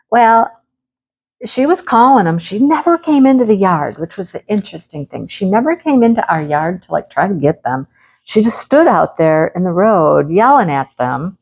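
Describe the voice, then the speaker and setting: A woman craft vlogger at her rural home, telling a lively anecdote in a casual chat, often laughing. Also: medium pitch, moderate pace.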